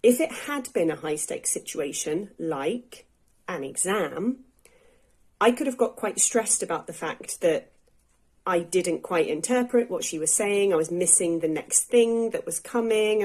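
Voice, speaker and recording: Chatty woman with a lowish voice. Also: lively intonation, measured pace, a little mellow. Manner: candid, chatty, thinks aloud with fillers. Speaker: English teacher. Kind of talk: casual unscripted vlog monologue. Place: indoors at home.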